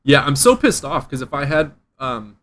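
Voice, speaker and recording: A man's voice: mid-range voice, very animated, moderate pace, fairly bright tone. A man hosting a casual debate chat, ranting and swearing freely. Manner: profane, ranting. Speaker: streamer host.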